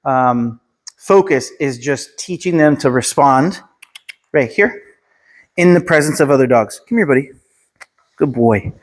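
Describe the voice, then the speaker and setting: A fairly high-voiced man teaching dog training, speaking in a calm, steady way. He gives clipped commands and quick praise to the dog between his explanations. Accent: Pennsylvania. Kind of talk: instructional dog training video.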